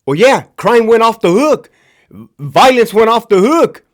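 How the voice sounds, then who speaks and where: A middle-aged former prison guard from Southern California rants casually to camera on his own show, profane and sarcastic, repeating himself for emphasis. His voice is very high and sing-song, delivered at a measured pace.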